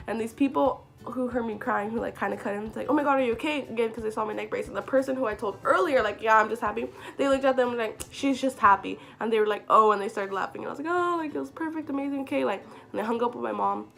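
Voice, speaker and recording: A young woman in her own casual vlog, retelling a story with an excitable, chatty flow and lots of filler words. Her voice sits a little high. Faint music plays quietly beneath her. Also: fast talker, vocal fry, few pauses. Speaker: vlogger.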